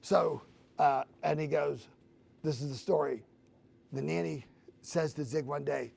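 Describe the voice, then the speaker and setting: A middle-aged man telling a story in a casual chat, animated, acting out the dialogue. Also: a little high, measured pace, creaky, pauses often, breathy edge.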